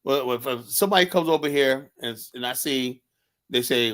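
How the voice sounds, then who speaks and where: A man's voice: medium pitch, normal speed, a bit bright. Emphatic American man, "you know?" habit. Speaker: show host. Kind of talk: casual opinion talk.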